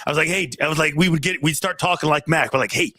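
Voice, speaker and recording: A man's voice: on the high side, very fast, vocal fry, pushed and bright, no room sound, studio quality. A man hosting a casual podcast chat with former teammates, loose and joking as he hands the floor around.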